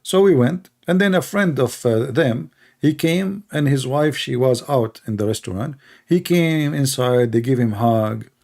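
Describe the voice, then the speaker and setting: Man, gravelly, dark tone, emphatic repetitive monologue. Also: medium pitch, expressive, unhurried. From Middle East. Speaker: online commentator. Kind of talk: casual monologue.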